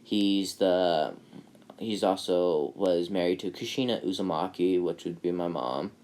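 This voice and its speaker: Man doing a calm boy ninja, low voice, matter-of-fact, halting, fan retelling.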